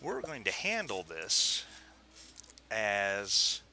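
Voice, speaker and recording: Guy running a tabletop game, bright voice, lots of ums and uhs. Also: fairly low pitch, huge pitch swings, very slow. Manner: hesitant, many fillers. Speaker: game master.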